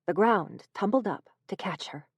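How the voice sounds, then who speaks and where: A woman reading a horror audiobook in a measured, even storytelling manner, close to the mic. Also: medium pitch, husky, dry recording. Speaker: audiobook narrator. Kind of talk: scripted narration.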